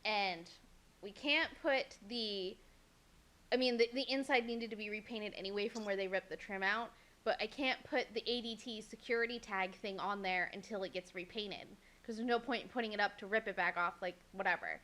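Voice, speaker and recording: A young woman co-hosting a podcast tells a story in a casual, animated way, speaking at a normal speed in a mid-range voice. She swears freely and acts out what people said.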